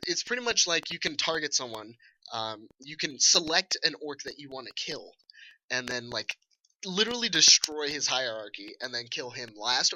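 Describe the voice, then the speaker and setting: A man casually reviewing a video game with a co-host, animated, laughing and swearing as he talks. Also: on the high side, poor audio. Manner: animated, swearing, laughing, acts out enemy shouts.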